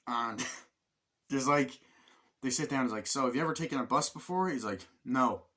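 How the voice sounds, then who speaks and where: A man talks through a film review in a loose, rambling way, with no script. He keeps slipping into quick imitations of the characters, then drops back into his ordinary voice. His pitch sits in an average middle range, and he swears freely. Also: a bit bright. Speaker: movie reviewer. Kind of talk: casual spoken film review.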